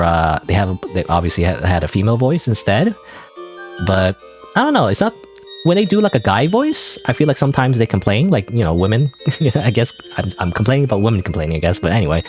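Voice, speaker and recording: A man with a naturally deep voice rambling self-deprecatingly through casual gaming commentary. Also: a little mellow. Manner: rambling, self-deprecating, lots of fillers and laughs. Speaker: gaming streamer. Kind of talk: casual let's-play commentary.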